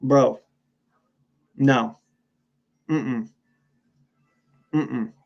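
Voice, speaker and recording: A man's voice: medium pitch, drawn-out words, vocal fry, highs cut off. A man co-hosting a sports podcast, ranting in a heated, profane, casual way. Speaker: podcast co-host.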